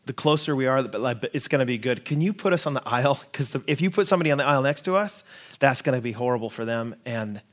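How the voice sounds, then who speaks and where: A man's voice: mid-range voice, lively intonation, quick pace. Brief: American male pastor in his forties, funny, self-deprecating sermon anecdote to a congregation. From United States. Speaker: lead pastor. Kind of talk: sermon storytelling.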